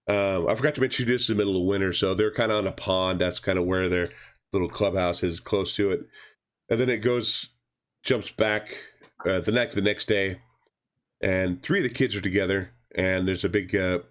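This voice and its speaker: Male podcast co-host, low-pitched, casual and rambling. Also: moderate pace. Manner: rambling, with many fillers and restarts; acts out characters' lines in a raised voice. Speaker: podcast co-host reviewing comics. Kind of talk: casual chat.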